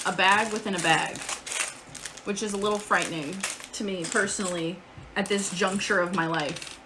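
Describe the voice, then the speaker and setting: A woman's voice: mid-range voice, steady tone, normal speed, noisy background. A woman streaming from home in casual live-stream chat, chatty, swearing casually and answering chat aloud.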